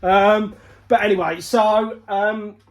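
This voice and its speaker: A man's voice: high-pitched, steady tone, takes it slowly. Male racer, breathless after illness, rambling workshop vlog, slightly raised voice. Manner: rambling, many fillers and restarts. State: short of breath. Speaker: motorbike racer vlogging. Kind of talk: casual vlog update.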